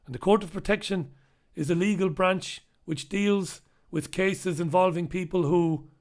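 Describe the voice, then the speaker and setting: A man hosts a live solo news review with an impassioned, emphatic delivery, hammering his points home by repeating them. He speaks bluntly and swears when angry. His voice sits a little higher than most men's. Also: fairly even intonation, measured pace, darkish tone. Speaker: show host reviewing newspapers.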